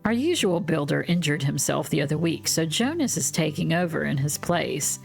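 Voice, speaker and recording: A woman voicing a kindly older woman who guides a newcomer around a game village, in a gentle, welcoming way. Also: low-pitched, animated, moderate pace, creaky, faint music behind.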